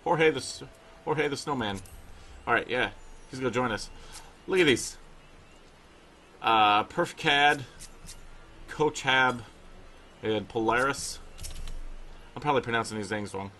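A man hosting casual gameplay commentary, excitable and swearing casually as he plays. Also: medium pitch, measured pace, long pauses, slight background noise. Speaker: host.

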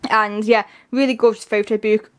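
A woman gushing excitedly through a casual unboxing, her voice strained and giving out. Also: fairly high pitch, normal speed, clear, resonant tone. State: voice giving out, coughing. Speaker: K-pop album unboxer.

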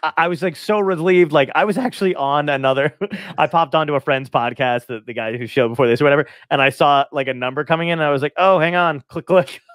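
A man's voice: a little high, fast, few pauses, a bit bright, no room sound, clean studio sound. A man hosting a podcast in casual chat, telling rambling anecdotes, swearing freely and laughing often. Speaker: podcast host.

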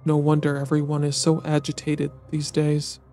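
A man narrating a scripted horror story in a measured, deliberate way. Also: a little high, completely flat delivery. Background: loud music.

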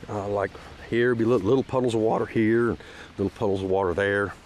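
A man's voice: on the low side, steady tone, fairly quick, darkish tone, a little hiss or hum. Rambling emotional man on an outdoor tour. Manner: rambling, hesitant with many fillers, turning heated and preachy. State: emotional, teary at times. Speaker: vlogger giving a park tour. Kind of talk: casual one-take outdoor vlog talk. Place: outdoors at a lakeside state park.

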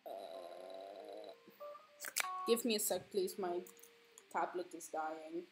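A woman in her twenties streams herself drawing, chatting casually in a fairly low voice at a measured pace. She swears freely and breaks into squealing laughs when flustered. Music plays in the background, and the recording is rough.

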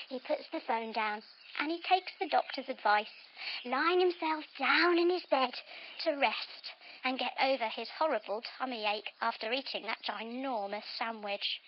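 A woman telling a story while leading a yoga lesson for children, slow, playful and sing-song, with sound effects. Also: high voice, a little hiss or hum. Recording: slightly dull lo-fi audio.

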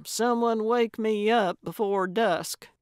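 Feisty, self-assured older female sleuth, voiced by a woman, brash and loud. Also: on the high side, takes it slowly, clear, resonant tone, no echo, studio quality, pitched above the performer's own voice.

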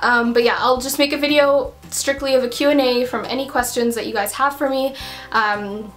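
A woman's voice: a little high, steady tone, normal speed, soft background music. A young woman vlogger talking casually through a tutorial at home, full of "um" and "like" fillers. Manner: chatty, many fillers like um and like.

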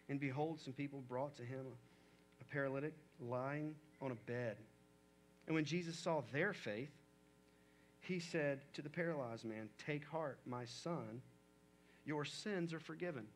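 A man's voice: mid-range voice, a little hiss or hum. A male pastor preaching a sermon in a conversational way, reading scripture aloud and talking it through.

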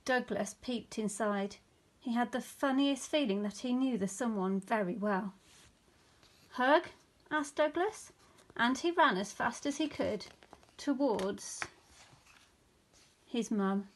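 Woman teacher, gentle storybook reader, expressive, slightly higher voice. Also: a little slow. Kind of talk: reading a bedtime picture book aloud.

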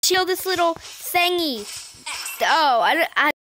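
A woman's voice: very high voice, lively intonation, takes it slowly, a bit bright, a little hiss or hum. A woman YouTuber giving chatty, scattered, self-mocking commentary while playing a mobile game.

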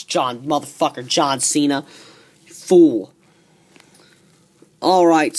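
A man ranting profanely as a wrestling show reviewer, excitable and repeating himself. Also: fairly high pitch. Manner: excitable, swearing, repeats words. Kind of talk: profane rant.

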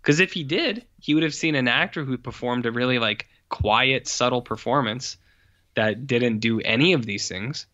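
A man's voice: mid-range voice, normal speed, sharp tone, muffled recording. A man co-hosting a casual film review podcast, blunt and scornful, swearing often. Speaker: podcast co-host.

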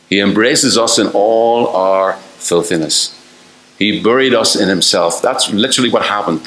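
An older man preaches in a low voice, firing off rhetorical questions and slipping into the voices he quotes. The sound rings around an echoey church hall. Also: a bit bright. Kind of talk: sermon.

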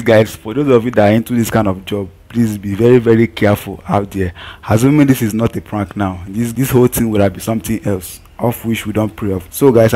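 A man's voice: lowish voice, dark tone. A man, talking casually and earnestly to viewers as a channel host.

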